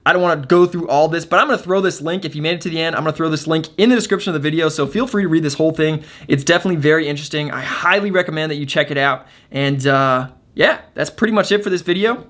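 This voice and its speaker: A man with a slightly higher-than-usual voice talks casually to camera as the host of his own video. He is chatty and upbeat, with plenty of ums and restarts. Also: fast, few pauses, fairly bright tone. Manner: chatty, filler-heavy, upbeat.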